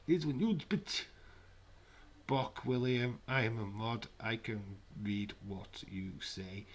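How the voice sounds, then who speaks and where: A man giving jokey, casual commentary on a live watch-along stream from his flat. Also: lowish voice, measured pace. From United Kingdom. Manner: jokey, banters with chat. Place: home, in a flat.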